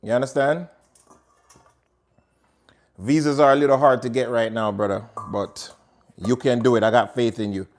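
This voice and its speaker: A man's voice: mid-range voice, steady tone, normal speed, pauses often. Chatty Jamaican-accented man cooking. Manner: chatty, talks straight to viewers. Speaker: cooking show host. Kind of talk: casual cooking demonstration.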